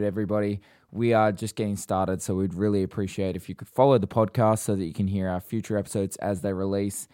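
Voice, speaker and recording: A man co-hosting a podcast in casual chat, relaxed and explaining at length, and reading the show's sign-off. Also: fairly low pitch, fast, hardly any pauses, clean tone, no echo, studio quality. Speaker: podcast co-host.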